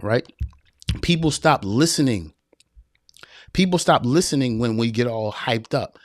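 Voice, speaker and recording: A man with a medium-pitched, animated voice speaks unhurriedly with no echo. As a podcast host running a live-streamed talk for men, he's emphatic and repetitive, calls listeners "brother," and answers viewer questions as they arrive.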